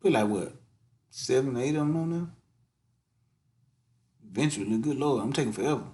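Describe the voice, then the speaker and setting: A man's voice: mid-range voice, expressive, normal speed, dark tone. A man chatting casually while cooking and eating on his vlog, full of slang. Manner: laid-back slangy chatter, sing-song hype chants. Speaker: mukbang vlogger.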